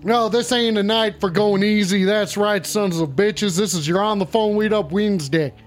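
A man's voice: high-pitched, normal speed, lightly acted. A man streaming in a persona, playing a brash, foul-mouthed male wrestler who trash-talks and repeats his insults. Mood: trash-talking. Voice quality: gruff and shouty, heavy profanity. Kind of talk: livestream persona rant.

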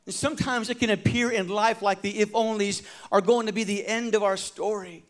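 A male pastor with a high voice delivers a sermon. He moves from loud, emphatic lines to quiet, hushed ones and calls out to the congregation for responses. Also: fairly even intonation, a little fast, hardly any pauses. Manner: dramatic preaching, swinging from loud emphasis to hushed tones.

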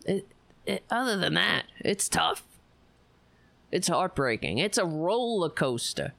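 Animated, profane woman streamer. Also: fairly low pitch, unhurried, creaky, no room sound. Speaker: political commentary streamer. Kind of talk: casual live-stream commentary.

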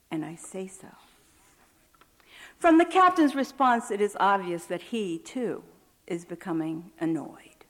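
A woman reads her personal essay aloud, slowly and deliberately. Her delivery is measured and wry, in a voice of middling pitch. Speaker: prison writer reading her work.

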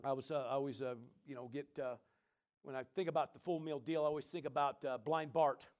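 A man's voice: medium pitch, steady tone, fairly quick. A male pastor preaching a sermon in a casual, conversational way, dropping frequent amens and praise Gods between his points. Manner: casual, conversational delivery with many fillers.

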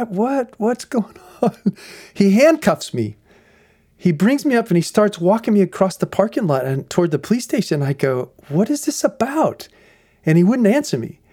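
A man, a pastor, telling a lively story to his listeners, acting out the voices of the people in it and laughing often. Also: a little high. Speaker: pastor of a ministry. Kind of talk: storytelling ministry message.

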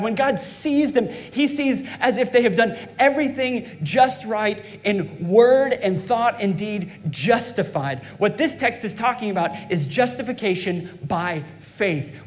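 A man preaching a fervent sermon as pastor, calling out to his congregation. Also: high voice. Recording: long hall reverb.

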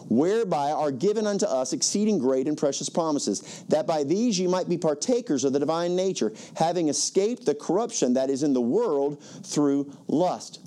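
A man in his fifties delivers a sermon in an emphatic preaching manner, often repeating himself for effect. His voice sits slightly high for a man, with a warm, mellow tone. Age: 50s. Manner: emphatic preaching, repeating "guess what?" and quoting scripture. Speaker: pastor.

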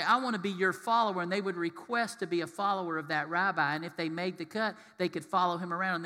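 A man's voice: sits high, bright, forceful tone, big-room sound. A man preaching a sermon as pastor. He asks his listeners questions and briefly acts out the people in the stories. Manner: asks the congregation questions and acts out short quoted voices.

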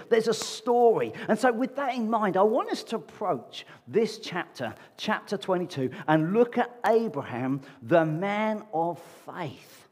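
This preacher's husky voice sits high and is slightly raised as he addresses the congregation in a church meeting hall. His tone is conversational, full of rhetorical questions, and the sound rings with a large hall's long reverb.

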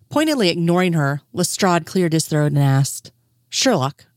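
A woman reading a fan story aloud as scripted narration, voicing every character herself with only small pitch lifts. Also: animated, moderate pace, a little mellow, dry recording, studio quality. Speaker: fanfiction reader.

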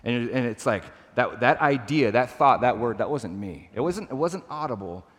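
A man's voice: mid-range voice, lively intonation, normal speed, fairly bright tone. A man in his thirties preaching a sermon in an earnest, conversational way, repeating and restarting phrases. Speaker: pastor. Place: church hall. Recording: long church hall reverb.

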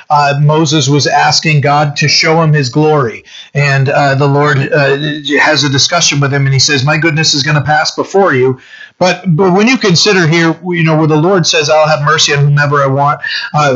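A man's voice: a little high, bright, forceful tone, highs cut off. A man preaching a conversational sermon as pastor, often asking "right?" and saying "you know". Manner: casual, peppers talk with "you know" and "right?".

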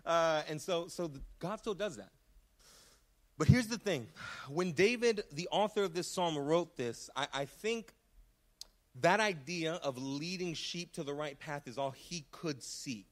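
A man's voice: on the high side, a little slow. A man preaching a sermon in a church, earnest and impassioned, often restarting his words. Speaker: pastor. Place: church sanctuary.

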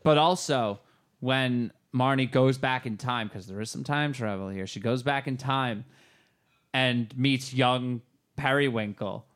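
A man's voice: medium pitch, a little slow, fairly bright tone. Joking man co-hosting a film podcast. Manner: laughs often, loose and joking. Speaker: podcast co-host. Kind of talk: casual movie review chat.

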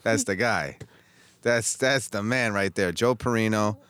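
Deep-voiced relaxed man in casual chat. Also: unhurried, clean tone, dry recording. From Chicago. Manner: relaxed, trailing off with fillers. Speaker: actor guest.

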